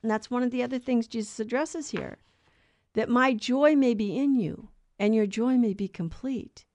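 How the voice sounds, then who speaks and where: A woman's voice: on the high side, normal speed, a little mellow, no room sound. A woman co-hosting a Catholic talk show, teaching in an earnest, storytelling way. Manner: earnest storyteller who acts out quoted voices. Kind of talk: conversational faith teaching.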